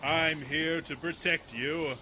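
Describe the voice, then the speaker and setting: A man voicing a cowardly male adventurer leader who is a fraud, shrieking and wailing in a shrill, panicky voice. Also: fairly even intonation, takes it slowly, sharp tone, full character voice. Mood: flustered bluster.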